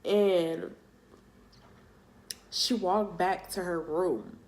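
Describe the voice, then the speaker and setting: A young woman telling a personal story for her vlog, halting and emotional, with casual slang. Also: lowish voice, steady tone, darkish tone, a little hiss or hum. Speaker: vlogger.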